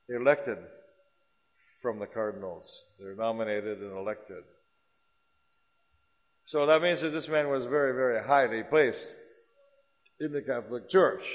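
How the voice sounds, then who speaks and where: A man teaching a religious class and telling stories in an animated, rambling way. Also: medium pitch. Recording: reverberant hall.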